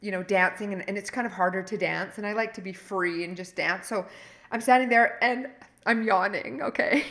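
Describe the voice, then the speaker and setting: Bright-voiced woman telling a rambling story. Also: medium pitch, moderate pace. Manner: rambling, animated storytelling with many restarts. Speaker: podcast co-host. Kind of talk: casual chat.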